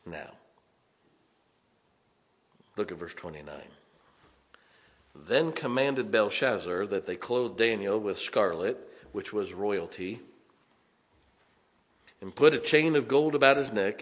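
A man preaching a sermon, animated and conversational, with dramatic emphasis and asides. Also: on the low side, big-room sound.

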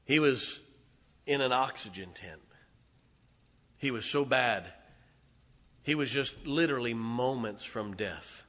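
A middle-aged man, a pastor, preaching a fervent sermon. He swings from booming declarations to hushed, intimate asides. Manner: impassioned, emphatic preaching with repeated phrases.

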